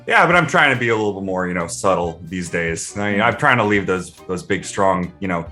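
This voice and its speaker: A sheepish half-orc thief who stammers through his apologies, played by a man at the game table. The voice is very low, with a bright, forceful edge. Faint music plays underneath. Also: lively intonation, a little fast. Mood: defensive.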